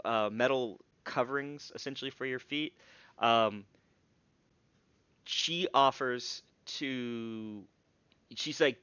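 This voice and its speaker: A man narrating a tabletop game as game master in a casual, halting way. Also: medium pitch, bright, forceful tone, clean tone, dry recording, muffled recording.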